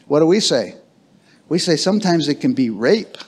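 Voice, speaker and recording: A man's voice: fairly high pitch, sing-song, normal speed, slightly rough. A man preaching a sermon as pastor, emphatic and calling for answers from the congregation. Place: church sanctuary.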